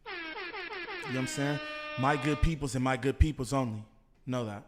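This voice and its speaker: Male streamer, casual reaction chat, playful, laughing asides, slightly raspy from shouting. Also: medium pitch, normal speed, over music. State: voice worn from shouting. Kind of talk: casual live-stream commentary.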